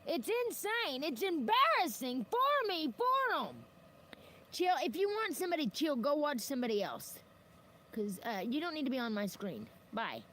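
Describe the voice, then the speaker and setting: A woman's voice: sits high, big pitch swings, moderate pace, a bit bright, a little hiss or hum. A woman ranting on a livestream, rambling and combative, with heavy swearing.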